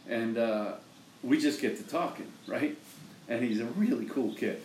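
A man's voice: medium pitch, unhurried. A man chatting casually about sports, telling stories and acting out both sides of conversations. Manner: animated storyteller, acts out both sides of conversations. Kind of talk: casual chat. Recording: roomy, from far off the mic, faint hiss.

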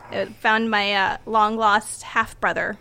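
A woman co-hosting a casual podcast chat who explains in a measured way, with thoughtful pauses. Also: medium pitch, flat delivery, vocal fry, sharp tone, smooth. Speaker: podcast co-host.

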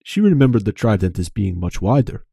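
Dark, husky male narrator. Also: fairly low pitch, sing-song, brisk, no echo, clean studio sound. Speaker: guest reader. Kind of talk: reading narration aloud.

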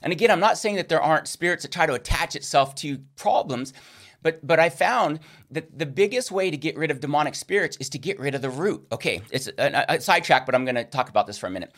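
A man's voice: fairly high pitch, animated, quick pace, a bit bright. A man teaching a recorded Christian course lesson, earnest and checking in with listeners with a frequent "okay?".

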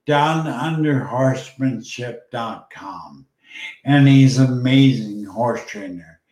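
A man of middling pitch hosts a casual chat, speaking with open gratitude and feeling. His voice rings in a roomy, echoing space. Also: slow, a little mellow. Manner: emotional, grateful, choked up. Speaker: host. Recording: echoey room.

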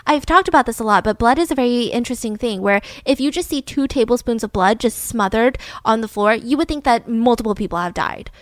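A woman's voice: a little high, no echo. A woman hosting a podcast, telling a true-crime story in a chatty way with many fillers. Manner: chatty, with fillers like "like" and "you know". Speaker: podcast host.

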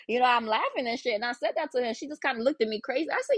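A woman from Africa hosts a podcast, telling a personal story in a blunt, profane, animated way. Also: a little high, rapid-fire, hardly any pauses, dry recording. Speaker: podcast host. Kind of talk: casual storytelling.

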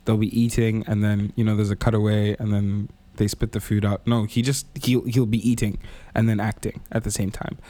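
A man's voice: fairly low pitch, little pitch movement, fairly quick, warm tone. A man co-hosting a podcast in casual chat, blunt and enthusiastic, swearing freely. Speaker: podcast co-host.

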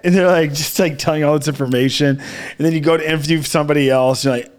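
A man's voice: fairly high pitch, fairly even intonation, quick pace, a little mellow. A man co-hosting a casual comedy podcast, rambling through a bit and laughing often. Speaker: podcast co-host.

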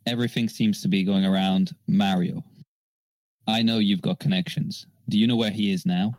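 Brief: a man playing a smug, scheming gang boss in a tabletop game, low voice, measured persuasive delivery, dry close sound. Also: steady tone, darkish tone, dry recording, natural voice, poor audio. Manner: smooth persuasive pitch, measured.

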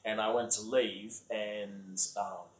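An Australian man telling a story casually, animated, with lots of "like" fillers and acted-out quotes. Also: on the low side, takes it slowly, reverberant. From Sydney, Australia.

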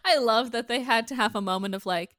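A woman with a high voice co-hosts a chatty podcast, talking loosely with frequent fillers and cursing. The sound is dry and close, with no room echo. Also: a little fast, a bit bright. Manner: casual, swears, many "like" fillers. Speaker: podcast co-host. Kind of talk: casual chat.

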